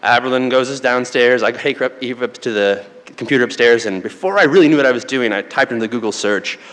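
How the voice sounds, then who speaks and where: A man telling a true story live on stage, animated and laughing along with the audience. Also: mid-range voice, fast. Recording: long hall reverb with faint crowd ambience.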